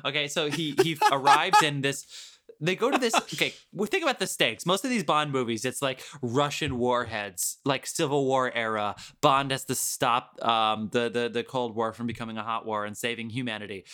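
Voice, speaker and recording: A man's voice: mid-range voice, expressive, moderate pace, bright, forceful tone. A man co-hosting a film podcast, ranting animatedly and profanely while acting out scenes. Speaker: podcast co-host. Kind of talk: casual film discussion.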